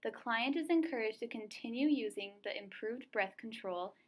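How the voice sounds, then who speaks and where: A young woman narrating voice therapy steps and then coaching a client through them, slow and encouraging as she models each sound. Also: a little high, animated. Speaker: student clinician demonstrating therapy. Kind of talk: scripted lesson narration and role-played therapy session. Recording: echoey room with faint ambient noise.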